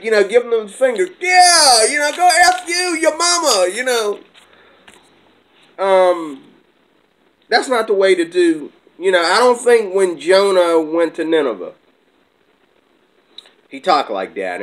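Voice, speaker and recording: A man's voice: fairly high pitch, low-quality recording. A man ranting on his own video channel, agitated and combative, jumping from point to point. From America. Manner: agitated, combative, jumps between topics. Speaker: channel host. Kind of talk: heated vlog rant.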